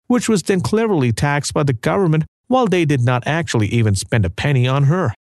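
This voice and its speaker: Man narrating a documentary with a lively pitch. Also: no echo, studio quality.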